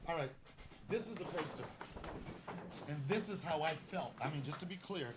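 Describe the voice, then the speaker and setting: A man hosting a comedy podcast, telling stories in a casual, profane way and bursting into loud shouted bits. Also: fairly high pitch, lively intonation, normal speed, very noisy.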